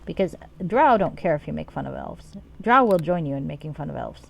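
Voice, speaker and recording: A woman's voice: low voice, lively intonation, a little fast, creaky. A woman streaming a video game, chatting casually in rambling, profane tangents as she plays. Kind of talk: casual let's-play commentary.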